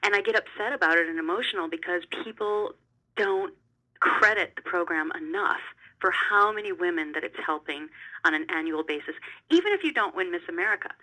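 Bright-voiced woman telling stories animatedly. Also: lowish voice, brisk, low-quality recording. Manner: animated, emphatic, repeats words when excited. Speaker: interview guest, television host. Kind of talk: conversational interview storytelling.

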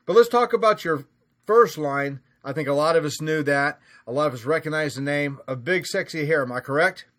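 A man's voice: on the high side, brisk, fairly bright tone. A man with a Southern US accent hosting a podcast interview, folksy, laughing easily and stumbling over his words now and then. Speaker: podcast host.

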